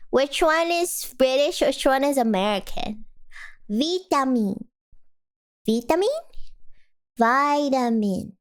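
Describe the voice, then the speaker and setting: A woman's voice: on the high side, smooth. A young woman streamer chatting casually with her viewers, reading their messages aloud, giggling often and rambling between topics. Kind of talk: casual chat with live viewers.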